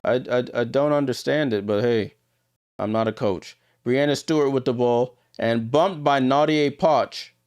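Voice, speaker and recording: At a measured pace, a man with a clean, medium-pitched voice and no echo gives casual live game commentary as a watchalong host. He talks directly to viewers in a chatty way, calling plays as they happen and getting louder on the big ones.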